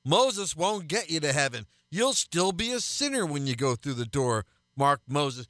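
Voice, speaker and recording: A man's voice: fairly high pitch, big pitch swings, measured pace, few pauses, a bit bright, dry recording, clean studio sound. A man hosting a radio Bible teaching program as pastor, speaking earnestly and building to emphatic repeated refrains.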